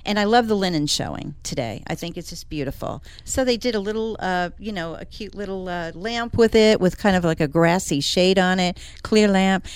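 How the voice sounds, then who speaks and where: A woman's voice: fairly low pitch, normal speed, few pauses, clear, resonant tone, dry recording. A woman who works as an interior designer, chatting casually and with enthusiasm as a regular on a talk show. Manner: chatty, enthusiastic, laughs often. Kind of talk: casual radio chat.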